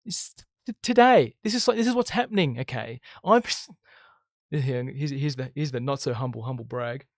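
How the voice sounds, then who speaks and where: Gravelly man giving emphatic spiritual talk. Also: mid-range voice, lively intonation, moderate pace, dry recording, clean studio sound. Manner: emphatic, keeps checking in with "okay?" and "right?"; blunt, swears freely. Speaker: I Ching teacher and counselor. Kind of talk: casual spiritual monologue to camera.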